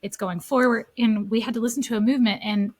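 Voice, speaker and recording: A woman who works as a leadership coach, a guest on a podcast, talking casually in an animated way and often wandering onto tangents. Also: on the high side, fast talker. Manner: animated, laughing, tangent-prone. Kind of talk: casual conversational interview.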